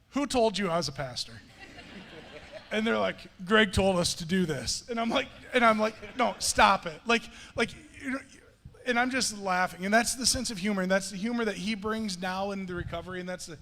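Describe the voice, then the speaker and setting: A man leads a conversational sermon and tells his stories in an animated way, stumbling and restarting as he goes. His voice sits a little higher than most men's. The hall around him carries a long, ringing reverb. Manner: animated storytelling, many restarts. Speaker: pastor. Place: church sanctuary.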